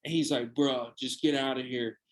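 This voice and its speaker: A man's voice: mid-range voice, steady tone, moderate pace, rough recording. A young man hosting a podcast, telling a long anecdote in a casual, profane, rambling way with frequent restarts. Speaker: podcast host. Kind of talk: casual storytelling.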